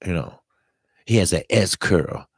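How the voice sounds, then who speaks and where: Hoarse guy on a boxing stream, lowish voice, blunt and cussing, dry close sound. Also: lively intonation, measured pace, no room sound. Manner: emphatic, profane, blunt street talk. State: hoarse from talking all day. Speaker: boxing talk show host. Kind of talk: live-stream boxing commentary chatting with viewers.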